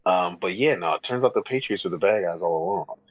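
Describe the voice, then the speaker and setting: A man co-hosting a casual podcast, thinking out loud and hedging his guesses. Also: sits low, animated, fairly quick, no echo, dull audio. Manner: thinks aloud, hesitant guesses. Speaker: podcast co-host. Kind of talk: casual chat.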